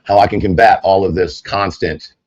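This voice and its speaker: A man's voice: deep voice, steady tone, normal speed, no echo, lo-fi sound. A man streaming online, chatting at length to his viewers in a rambling, casual way. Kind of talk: casual livestream monologue.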